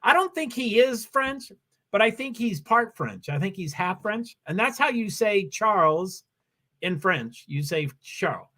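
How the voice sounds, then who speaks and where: High-voiced man rambling on a live stream. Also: lively intonation, unhurried, pushed and bright. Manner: rambling, self-interrupting, chatty with viewers. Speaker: livestream host. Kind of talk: casual live commentary on a race stream.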